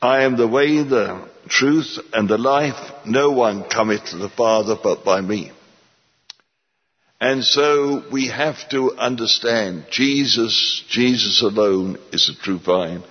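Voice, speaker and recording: A man preaching a sermon, slow and deliberate, stern and rising for emphasis. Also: mid-range voice, slightly rough. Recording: dull sound in a long-echoing hall.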